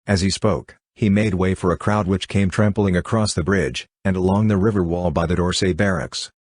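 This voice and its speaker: A man reading a classic novel aloud as an audiobook narrator, in a steady, measured way. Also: sits low, dry recording, clean studio sound. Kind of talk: scripted narration.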